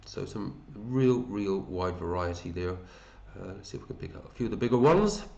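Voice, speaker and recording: A man's voice: low voice, lively intonation, normal speed, vocal fry, a little mellow, roomy sound, dull audio. A man hosting a fantasy football league, chatting casually and matey as he runs through scores and thinks aloud. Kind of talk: casual commentary over a screen.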